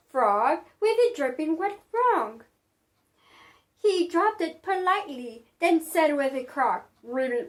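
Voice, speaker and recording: A woman telling a picture-book story to children in a very high, lively, sing-song voice. She reads very slowly, stretching the rhymes and making the sounds of the story.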